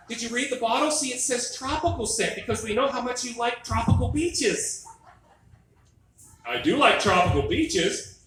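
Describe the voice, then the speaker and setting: A middle-aged man does stand-up on a club stage, his voice bright and fairly high as he spins wry, exasperated stories about family life. The sound is heavily echoey and picked up from some distance, with a faint room hum behind him. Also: big pitch swings, normal speed. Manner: wry, exasperated storytelling with mock quotes. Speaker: stand-up comedian. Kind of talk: stand-up comedy set.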